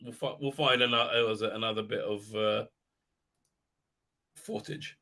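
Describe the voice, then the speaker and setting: A man's voice: on the low side, fairly even intonation, moderate pace, pushed and bright. A middle-aged man hosting a livestream in casual, rambling chat, reading out viewer comments with many restarts. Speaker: livestream host.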